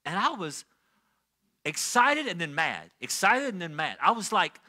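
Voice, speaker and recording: A middle-aged man preaching a sermon as a pastor, telling stories and swinging from quiet asides to loud, excited bursts. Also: high-pitched, measured pace.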